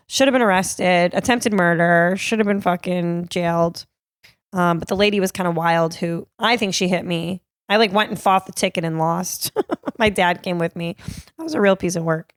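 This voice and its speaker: A woman from Cape Cod, Massachusetts, a comedian hosting her own podcast, tells stories casually into a close mic with a lowish voice at normal speed and no echo. She's an animated storyteller, profane and laughing throughout.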